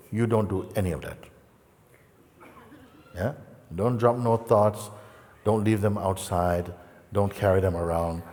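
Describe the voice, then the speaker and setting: Male spiritual teacher, low-pitched, gentle and playful, recorded in a hall with long reverb. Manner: gentle, playful, with long pauses and soft asides. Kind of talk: satsang talk.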